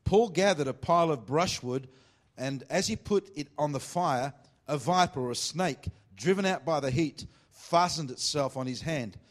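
Jokey preaching man, teasing his congregation. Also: fairly high pitch. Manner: reads scripture slowly and deliberately. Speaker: pastor. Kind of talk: sermon.

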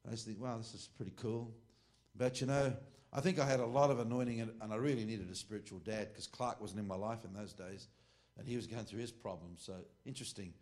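Preaching casually to a ministry class, this middle-aged Australian talks fast with hardly any pauses, his lowish voice a little mellow and fairly even in intonation. The sermon wanders, full of jokes, asides and self-corrections.

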